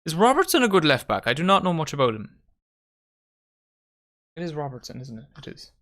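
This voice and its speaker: A man's voice: fairly high pitch, very animated, a little fast, a bit bright. Chatty man hosting a match watchalong. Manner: chatty, banters with friends and viewers. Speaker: watchalong host. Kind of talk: casual live match commentary.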